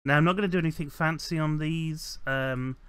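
A man giving casual commentary while playing a building game. He rambles and corrects himself, fills pauses with ums, and adds dry, self-mocking asides. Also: a little high, fairly bright tone, clear, resonant tone, no echo. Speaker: let's play host.

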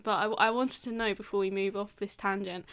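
A woman's voice: mid-range voice, steady tone, a little fast, a bit bright, smooth. Giggly chatty woman podcast co-host. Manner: chatty, giggly, rambling with fillers. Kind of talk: casual chat.

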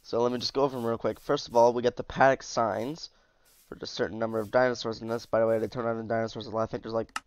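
A man's voice: mid-range voice, little pitch movement, fast talker, clear, resonant tone. A man casually commenting as he shows off a game mod, easygoing and chatty, sounding tired. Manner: chatty, easygoing, with asides and trailing off. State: tired, yawning. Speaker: mod reviewer.

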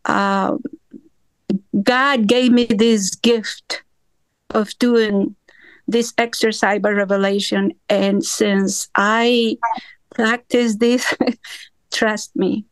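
Over a remote call, a woman in a study group shares a personal testimony, speaking earnestly with small grammar slips. Her medium-pitched voice is clear and resonant, with fairly even intonation, a very slow pace, and long pauses. The recording is dry, with remote-call audio quality.

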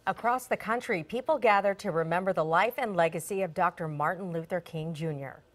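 A female news anchor reads from a script with steady, formal delivery. Her voice sits low for a woman, with faint clicks in the background. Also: brisk, noisy background.

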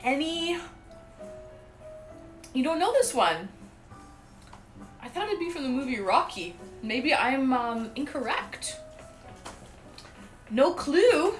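A woman's voice: high-pitched, lively intonation, slow, long pauses, soft background music. A woman streaming live, chatting casually and talking straight to her viewers. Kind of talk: casual livestream chat.

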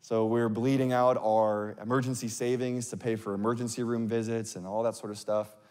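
A man's voice: medium pitch, little pitch movement, a little fast, a little mellow. Man preaching in a reverberant hall. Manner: candid, conversational storytelling with fillers like "like" and "um". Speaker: pastor. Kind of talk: sermon. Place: large church sanctuary. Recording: long reverb of a large hall.

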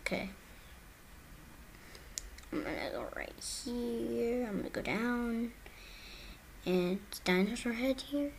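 A woman's voice: a little high, animated, slow pace, gravelly, long pauses, a little hiss or hum. A woman giving casual gameplay commentary as a video creator, playful and talking to herself, often dropping into a whisper.

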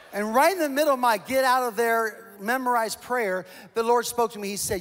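High-voiced pastor telling a story in a reverberant hall. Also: male voice, brisk, few pauses. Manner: humorous, lively storytelling with self-mocking asides. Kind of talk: storytelling sermon.

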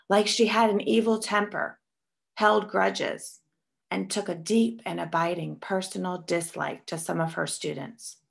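A woman reads a picture book aloud in a storytelling voice with plenty of expression. Her voice is gravelly with a lot of fry, and her pitch sits in the middle. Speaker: storybook reader.

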